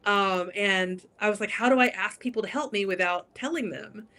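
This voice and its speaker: A woman's voice: medium pitch, normal speed, pushed and bright. A woman guest on a talk show, telling a story casually, acting out quotes and laughing often. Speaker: guest, drag king entertainer.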